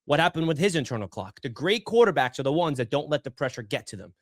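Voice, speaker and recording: Animated, argumentative man. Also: fairly high pitch, fast talker, no echo, studio quality. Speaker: sports panelist. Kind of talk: heated sports debate.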